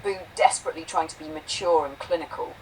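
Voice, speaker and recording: Synthetic lady talking thru sitcom ideas, says the quote marks out loud, gravelly, kinda far from the mic. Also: deep voice, wildly swooping pitch, fast talker, a little hiss or hum. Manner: reads quotation marks aloud. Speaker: AI conversation partner. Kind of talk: conversational comedy brainstorming.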